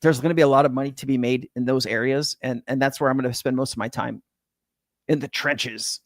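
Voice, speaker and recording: A man's voice: mid-range voice, steady tone, brisk, no room sound. Laid-back middle-aged man, dry close sound. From California. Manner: laid-back slang-heavy, swears, says man and bro. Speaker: crypto livestream host. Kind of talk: casual livestream chat reading viewer comments. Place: home in Hawaii.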